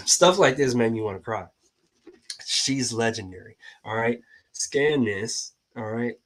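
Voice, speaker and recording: An excitable man hosts a casual talk to his viewers in a loose, slangy way. He laughs often and keeps calling out to the audience. His voice sits at an everyday pitch for a man. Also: slow pace. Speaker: host.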